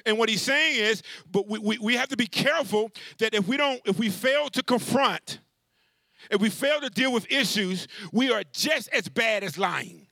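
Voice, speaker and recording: Male pastor, high bright voice, conversational call-and-response sermon delivery, dry close sound. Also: normal speed, creaky, no echo. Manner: animated, with many restarts and asides.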